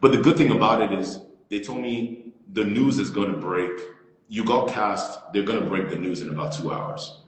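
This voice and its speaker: A man's voice: lowish voice, moderate pace. A man in his thirties, an actor guest, telling a story in an interview and acting out the other people in it. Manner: animated storyteller, acts out quoted voices. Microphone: phone or laptop on a live stream. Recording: very echoey with long reverb.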